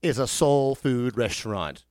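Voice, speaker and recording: A man's voice: medium pitch, animated, unhurried, a little mellow, dry recording, clean studio sound. A man telling a long funny story in casual chat, acting out the voices of people in it.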